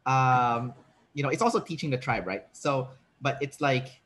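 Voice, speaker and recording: A man's voice: medium pitch, moderate pace, a bit bright, soft background music. A man hosting a casual interview as a personality trainer, explaining ideas and acting out short example lines.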